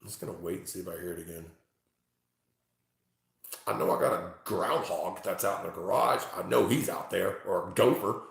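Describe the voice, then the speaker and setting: A man reading tarot live for his chat from home, talking excitably, swearing freely and exclaiming. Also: low voice, normal speed, vocal fry, long pauses. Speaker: tarot reader livestreaming to chat. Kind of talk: casual live-stream chat. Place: at home, indoors. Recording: very echoey room.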